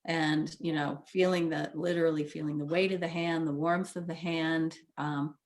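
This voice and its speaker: A woman therapist, a guest on the show, who explains things in a gentle, soothing, casual way and laughs easily. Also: low voice, flat delivery, moderate pace. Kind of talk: casual conversation.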